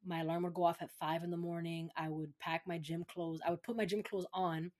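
A woman's voice: lowish voice, little pitch movement, a little fast, a little mellow. A young woman from Massachusetts, talking candidly and with swearing in a casual podcast chat, acting out what others said. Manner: candid and profane, acts out quoted voices.

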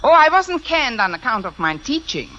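A woman's voice: high-pitched, big pitch swings, moderate pace, sharp tone, soft background music, heavily acted. A woman putting on a brash boozy German schoolteacher. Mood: brash, tipsy. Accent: put-on German. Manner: broad, cackling, sprinkles German words. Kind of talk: 1950s radio comedy acting. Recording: dull hissy old radio recording.

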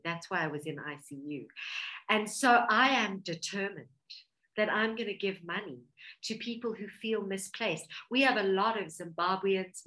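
Bright-voiced South African woman. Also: medium pitch, low-quality recording. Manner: earnest, heartfelt, talks through emotion. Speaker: guest. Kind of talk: personal storytelling interview.

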